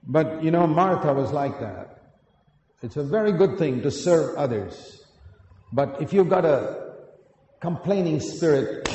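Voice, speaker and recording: A man preaching a sermon with earnest storytelling, climbing to emphatic peaks and then dropping quiet. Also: a little high, animated, unhurried. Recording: echoey hall, picked up from a distance.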